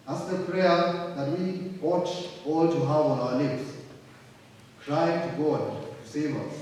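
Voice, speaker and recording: Male preacher, measured and emphatic, slightly high voice, roomy far-off sound with faint ambience. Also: a little mellow, a little hiss or hum. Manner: slow, emphatic, repeats phrases for weight. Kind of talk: sermon. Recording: distant mic in an echoey hall.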